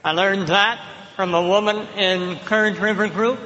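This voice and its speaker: A man from Canada, giving a reflective, unhurried personal testimony at a recovery meeting. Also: high-pitched, steady tone, sharp tone. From Thunder Bay, Canada. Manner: reflective, unhurried storytelling with pauses. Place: large hall with a live audience. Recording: echoey hall with long reverb.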